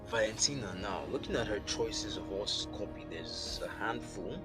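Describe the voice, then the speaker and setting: A man's voice: on the low side, expressive, normal speed. A man casting a live esports match, chatty and rambling, thinking aloud as he goes. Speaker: esports caster. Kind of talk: live game commentary. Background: game music.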